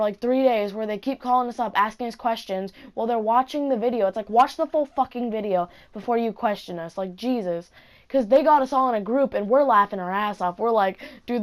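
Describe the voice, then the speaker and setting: A woman vlogger telling a story to camera in a casual, rambling way, swearing constantly. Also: mid-range voice. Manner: heavy swearing, rambling asides.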